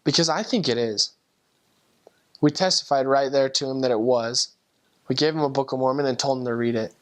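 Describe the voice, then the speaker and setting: A man, a former missionary, telling a personal faith story in an earnest, heartfelt, halting way. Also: medium pitch.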